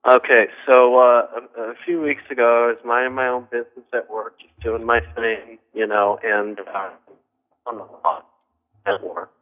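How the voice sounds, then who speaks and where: A tired man calling in to a talk show, telling a story in a halting, hesitant way with many restarts. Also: mid-range voice, flat delivery. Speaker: caller. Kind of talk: call-in radio chat. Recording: tinny phone line.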